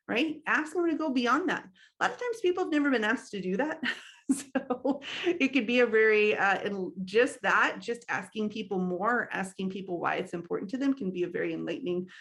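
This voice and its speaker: A young woman leading a training session, talking in a loose, conversational way. She fills her sentences with ums and small laughs, at a medium pitch. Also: fairly bright tone. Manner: conversational, many fillers, laughs often. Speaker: workshop trainer. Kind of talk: instructional talk.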